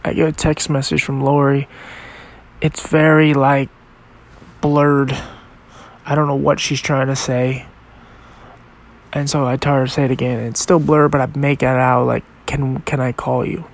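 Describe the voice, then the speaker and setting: Podcast guy telling his own story, slow and halting, kinda gravelly voice, emotional. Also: medium pitch, little pitch movement. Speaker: podcast host. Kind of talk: personal storytelling.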